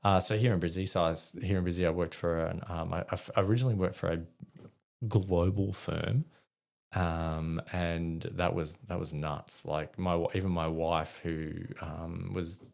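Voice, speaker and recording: A man's voice: low voice, fairly even intonation, normal speed, vocal fry, darkish tone. An Australian army veteran in his forties telling stories casually, rambling with fillers and restarts and acting out dialogue. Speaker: podcast guest, army veteran. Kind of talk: casual storytelling.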